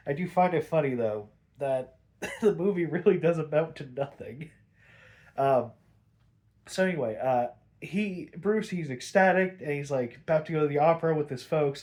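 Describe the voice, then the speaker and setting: A man's voice: a little high, expressive, moderate pace, darkish tone. A sniffly man casually retelling and reviewing a cartoon episode, rambling, swearing and laughing as he goes.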